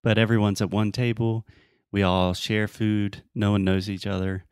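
Deep-voiced American man giving friendly advice. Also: flat delivery, moderate pace, a little mellow, clean tone, no echo, studio quality. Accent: Southern American. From United States. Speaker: host. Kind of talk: casual advice chat.

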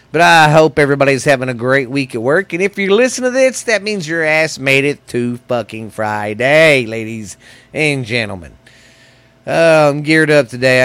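A man's voice: mid-range voice, fairly bright tone, clean tone, no echo. A man hosting a casual, rambling podcast, rowdy and profane, stuffy from sinus trouble. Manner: rowdy, profane, rambling, calls listeners baby. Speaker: podcast host. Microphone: close studio mic.

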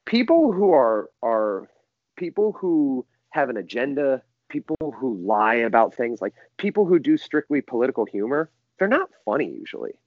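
Man, podcast guest, rambling storyteller, lively swooping pitch, dry slightly dull sound. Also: normal speed, no echo. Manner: rambling, animated, many restarts and fillers. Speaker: musician guest.

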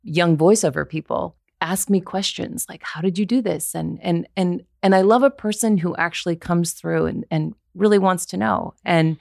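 Woman, voiceover actor, podcast guest, earnest, candid, thinks aloud, fry, dry close sound. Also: lowish voice, fairly even intonation, normal speed, few pauses, a little mellow, dry recording. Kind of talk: casual interview chat.

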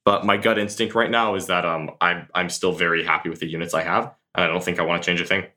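Male guest, very low voice, earnest and thoughtful interview answers. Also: little pitch movement, fast talker, sharp tone. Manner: thoughtful, earnest, with many fillers and restarts. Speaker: guest tabletop tournament player. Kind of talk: casual podcast interview answers.

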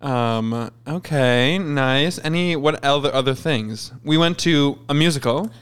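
Smooth-voiced wry man co-host. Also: medium pitch, unhurried, a bit bright. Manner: wry, playful quips. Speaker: podcast co-host. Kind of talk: casual chat.

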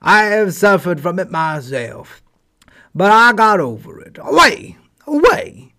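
A man voicing a hoarse old male yard dog that barks its warnings. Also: high voice, big pitch swings, takes it slowly, pushed and bright, pitched above the performer's own voice, full character voice. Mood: knowing. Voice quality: hoarse, barking.

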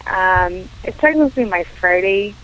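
A woman's voice: medium pitch, animated, measured pace, fairly bright tone. A woman leaving a playful, chirpy voicemail greeting for a podcast. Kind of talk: voicemail message. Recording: dull lo-fi voicemail audio with faint noise.

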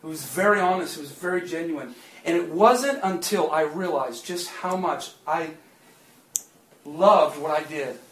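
High-voiced preacher man in an echoey church. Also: measured pace, fairly bright tone. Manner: candid and confessional, building to fervent emphasis. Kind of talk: personal testimony sermon. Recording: echoey room.

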